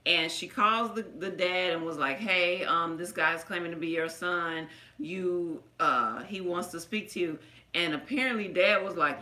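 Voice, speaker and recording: A woman telling a story in animated chat, laughing often and acting out the people she quotes. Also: fairly low pitch, moderate pace. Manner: lively, laughing often, acts out quoted voices. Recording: echoey room.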